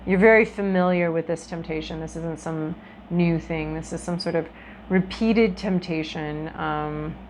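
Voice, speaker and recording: A woman's voice: on the low side, measured pace, darkish tone, slight background noise, rough recording. A woman giving a casual tarot reading to her viewers, talking in a chatty, reflective way with frequent ums and restarts. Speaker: tarot reader.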